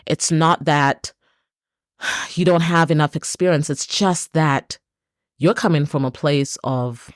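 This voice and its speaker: Low-voiced woman hosting a reflective podcast. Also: takes it slowly, no room sound, studio quality. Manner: earnest, repetitive, emphatic lists. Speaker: podcast host. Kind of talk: reflective solo podcast monologue.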